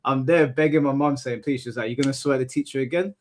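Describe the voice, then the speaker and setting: A man's voice: mid-range voice, quick pace, slight background noise. A young British man hosting a casual chat, telling stories and acting out quotes. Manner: lively storyteller, acts out quotes. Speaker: host.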